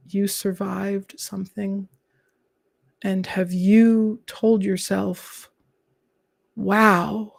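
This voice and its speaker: Slow, gravelly woman streamer. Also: medium pitch, no echo, studio quality. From Canada. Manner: gentle, earnest, drops into soft whispered asides. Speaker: live streamer. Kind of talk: calm reflective live-stream talk.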